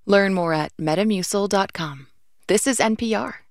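A woman reads scripted radio sponsor messages in an even, announcer-style way. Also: mid-range voice, moderate pace, no room sound, studio quality.

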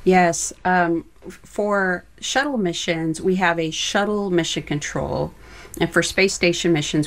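A woman, a former flight director, answering interview questions in an earnest, reflective way. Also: low-pitched.

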